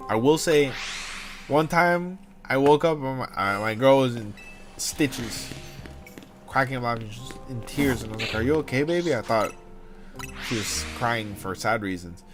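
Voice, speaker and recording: A man's voice: medium pitch, measured pace. Rambling, joking young man streaming a game. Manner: rambling, joking, swears freely, calls viewers dude and dog. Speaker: livestream gamer. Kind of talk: casual livestream chat while playing. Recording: game music playing under voice.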